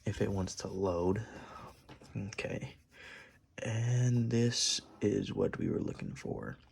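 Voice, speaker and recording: A man vlogging indoors at a computer, talking loosely with many fillers and clearing an irritated throat. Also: on the low side, slow, darkish tone. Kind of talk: casual vlog while browsing the web.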